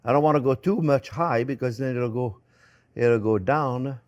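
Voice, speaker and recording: A man's voice: mid-range voice, normal speed, darkish tone, highs cut off. A middle-aged man hosting a cooking demonstration as a chef. He is talkative and jokey and calls his viewers friends. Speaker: chef and cooking show host.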